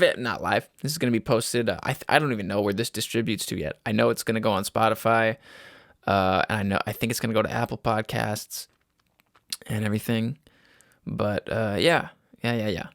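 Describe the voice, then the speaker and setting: Young male podcast host, gravelly and dry-sounding, loose profane rambling monologue. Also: medium pitch, fairly bright tone, no room sound. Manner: rambling, profane, laughs at himself. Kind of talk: casual solo podcast monologue. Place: a home room.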